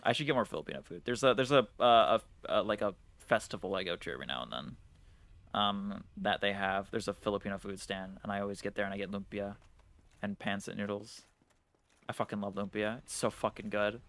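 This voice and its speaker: A man's voice: lowish voice, a little fast, fairly bright tone. A man streaming a game live, chatting casually in a rambling way, swearing and laughing at himself. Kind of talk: casual live-stream chat while gaming.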